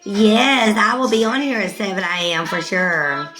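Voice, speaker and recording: A woman's voice: mid-range voice, steady tone, measured pace, sharp tone, low-quality recording. Woman livestream host, very talkative, rambling, laughs a lot, music in the background. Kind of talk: casual livestream chat.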